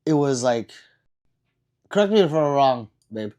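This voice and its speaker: A man's voice: mid-range voice, very animated, measured pace, a little mellow. A man hosting a casual livestream, reading viewer comments in a rambling, self-deprecating way with frequent restarts. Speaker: livestream host.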